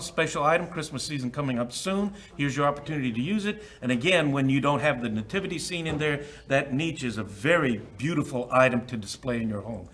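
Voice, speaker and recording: A man working as an auctioneer at a live charity auction, repeating the asking price in steady runs with many filler sounds. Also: medium pitch, fairly quick, hardly any pauses, slight background noise.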